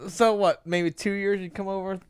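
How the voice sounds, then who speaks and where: A man's voice: high voice, moderate pace, smooth, dry recording. A man hosting a podcast in casual chat, joking and cutting in. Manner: animated, joking, interrupts. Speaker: podcast host.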